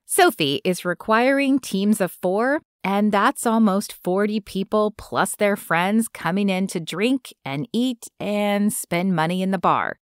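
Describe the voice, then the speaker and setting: A woman reading a novel aloud in first person, light and steady. Her voice sits mid-pitch, and the sound is dry and close. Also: unhurried, few pauses, clean tone, no echo. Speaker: audiobook narrator.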